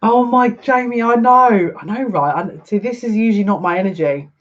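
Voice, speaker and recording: A woman giving a live card reading as a psychic, gushing and excitable, easily overwhelmed with emotion. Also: medium pitch, moderate pace, highs cut off.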